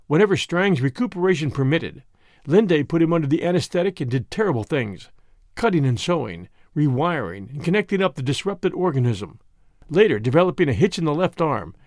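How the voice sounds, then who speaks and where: Guy reading an old story out loud, kinda higher voice, lots of ups and downs. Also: sing-song, normal speed, no echo, clean studio sound. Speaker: narrator. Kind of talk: audiobook narration of a classic story.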